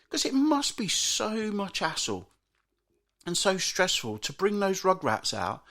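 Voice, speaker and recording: A man rants through his podcast in an exasperated, sarcastic grumble. His voice is fairly high for a man and swings widely, leaping up in lively bursts. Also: normal speed. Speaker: podcast host. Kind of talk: ranting solo podcast monologue.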